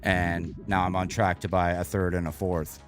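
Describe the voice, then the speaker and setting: A man's voice: low voice, flat delivery, moderate pace, close to an everyday voice. A man voicing a stressed-out young man who complains anxiously, in a slightly raised, whiny tone. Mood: grateful.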